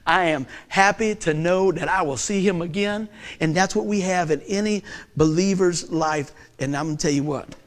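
A middle-aged man preaching a sermon as pastor, animated and joking, telling stories and acting out voices. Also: high-pitched, normal speed. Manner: animated, joking storyteller who acts out voices.

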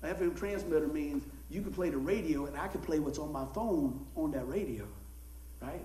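A man, a pastor telling folksy, animated stories in a sermon and acting out the people in them. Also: fairly high pitch, moderate pace. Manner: folksy, animated storytelling with acted-out quotes and laughter. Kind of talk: storytelling sermon. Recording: echoey room.

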